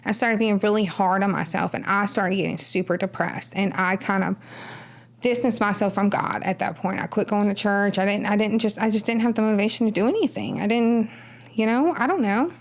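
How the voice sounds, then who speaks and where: A woman's voice: medium pitch, fairly quick. A woman guest on a podcast, telling her personal story casually and loosely, full of "like" and "right?". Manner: rambling storytelling with frequent "like" and "right?". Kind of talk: personal testimony in casual conversation.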